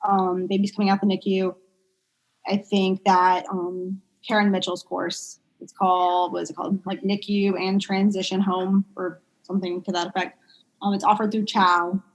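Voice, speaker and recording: A woman working as a pediatric speech therapist, chatting casually in an interview and telling stories with lots of fillers and animated quoted voices. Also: mid-range voice, normal speed. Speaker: pediatric speech-language pathologist guest.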